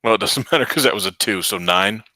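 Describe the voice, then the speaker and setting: A man's voice: on the low side, fast talker, bright, forceful tone, a little hiss or hum. A man playing a tabletop game, casual and joking, with some swearing. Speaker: player.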